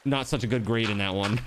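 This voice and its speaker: A man's voice: medium pitch, background noise. A man streaming a video game, chatting casually with his chat, telling a story and laughing often. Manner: laughs often while telling stories, reads chat aloud.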